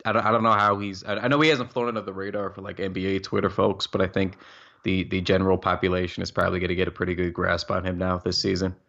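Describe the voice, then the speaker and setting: Ranting young man, low voice. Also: level tone, quick pace, vocal fry, fairly bright tone, muffled recording. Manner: heated, ranting, swears freely. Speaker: podcast co-host. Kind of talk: casual sports chat.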